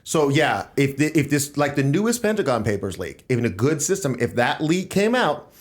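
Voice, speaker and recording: A man's voice: medium pitch, very animated, normal speed. A man hosting a casual political podcast, talking in an emphatic, rambling way. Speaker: podcast host.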